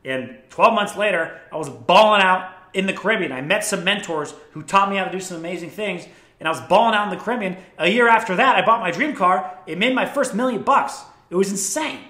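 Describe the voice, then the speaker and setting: Young guy hyped about books, cursing a lot, bright voice, echoey room. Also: high-pitched, fairly quick. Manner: profane, enthusiastic storytelling. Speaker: vlogger. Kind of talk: casual book recommendations.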